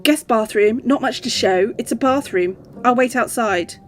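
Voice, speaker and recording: A woman's voice: a little high, normal speed, faint music behind, close to an everyday voice. A woman voicing a brusque, resentful young woman showing her cousin around an old house in a horror game. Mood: curt. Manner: brusque and impatient.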